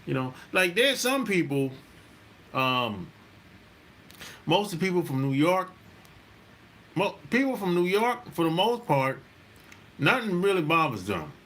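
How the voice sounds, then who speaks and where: A man hosting a dating-advice channel, talking in a relaxed, rambling monologue, repeating his points and laughing often. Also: high voice, unhurried, long pauses. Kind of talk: casual monologue.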